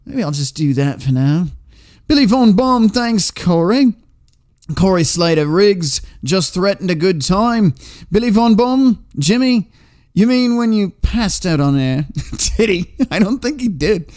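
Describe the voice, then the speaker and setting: A man's voice: high voice, animated, measured pace, darkish tone. A man hosting a livestream, reading chat comments aloud in a rambling, profane way and laughing often.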